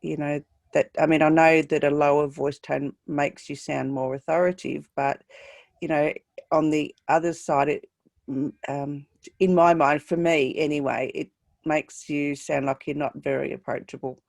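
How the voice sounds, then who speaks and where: Gravelly-voiced woman host. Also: low-pitched, steady tone, normal speed, darkish tone, no room sound, studio quality. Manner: thoughtful, hesitant, many fillers. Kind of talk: casual interview chat.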